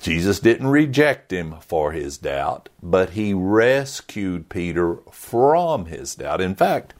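Male pastor preaching, kinda low voice, slow and earnest, lots of rise and fall. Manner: earnest, preaching with lively rises and falls. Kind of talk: sermon.

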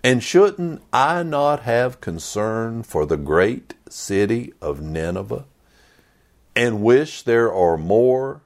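A man voicing God in a Bible retelling, speaking in a calm, reasoning, gently reproving way. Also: medium pitch, takes it slowly.

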